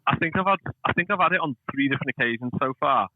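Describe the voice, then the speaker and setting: A man with a Scouse accent, a podcast guest joining over a call, halting and cheeky. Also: mid-range voice, lively intonation, phone-quality sound. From Liverpool, England. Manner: halting, cheeky, restarts often.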